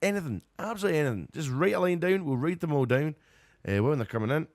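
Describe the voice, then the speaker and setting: A man's voice: a little high, expressive, fast, darkish tone, no echo, studio quality. A Scottish man hosting a live radio stream in casual, rambling chat, often breaking into giggles, and a little tired. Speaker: radio show host.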